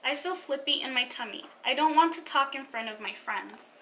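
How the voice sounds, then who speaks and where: A woman voicing a shy, anxious young boy who speaks softly. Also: high voice, expressive, moderate pace, recorded from a distance, a little hiss or hum, poor audio. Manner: soft-spoken.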